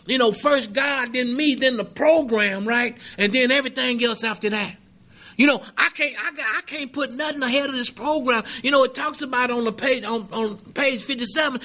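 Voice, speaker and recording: Middle-aged man, very high and bright voice, emphatic recovery testimony at a meeting. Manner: emphatic and earnest, peppered with "man" and "right?". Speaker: recovering addict sharing at a meeting.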